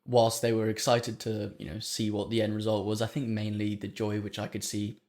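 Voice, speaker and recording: A man's voice: on the low side, completely flat delivery, a little fast, darkish tone. A man co-hosting a podcast, talking in an easygoing, agreeable way. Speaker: podcast co-host. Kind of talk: casual chat.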